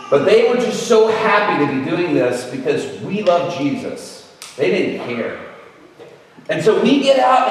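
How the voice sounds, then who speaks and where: Man, storytelling preacher, acts out voices, shouted bursts, very roomy reverb. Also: sits high. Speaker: guest preacher. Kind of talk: storytelling sermon. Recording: roomy hall, far from mic.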